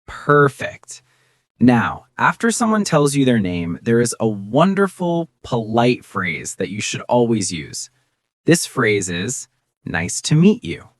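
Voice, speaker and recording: A teacher gives a scripted beginner lesson in an encouraging tone. The pitch moves a lot, rising and falling. Example phrases are spoken slowly and clearly. The sound is dry and close, with no room echo. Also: very animated. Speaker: English teacher.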